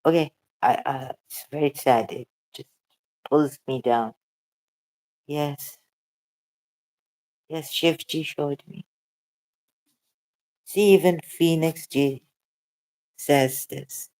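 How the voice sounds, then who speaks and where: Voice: mid-range voice, steady tone, slow, pauses often, a little mellow. A channel host talking emotionally and hesitantly in a casual livestream chat.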